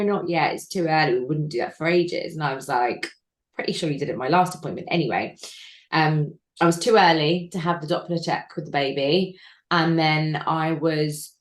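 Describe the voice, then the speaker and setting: A woman in her thirties, an interview guest telling a personal story candidly, with frequent pauses and fillers. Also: deep voice. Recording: echoey room.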